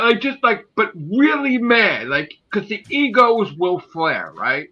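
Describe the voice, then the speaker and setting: A man's slightly high, very bright voice that swings widely in pitch as he talks. He pitches a story idea on a casual streamed podcast, excitable and profane, and keeps checking in with "right?" after each point. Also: unhurried, hardly any pauses, rough recording. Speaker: podcast co-host.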